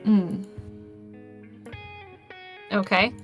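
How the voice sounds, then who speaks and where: A woman's voice: medium pitch, fairly even intonation, very slow, highs cut off, soft background music. Chatty hesitant woman player. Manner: chatty, hesitant, filler-heavy questions. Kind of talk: casual tabletop play.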